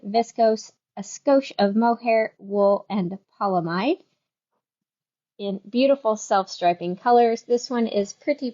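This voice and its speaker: A woman hosts a yarn shop's live stream, talking through products in a chatty, rambling way full of quick asides. Her voice sits at a middle pitch, and the audio is a little dull. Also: a little mellow. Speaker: yarn shop live show host. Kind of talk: casual chat with product demo.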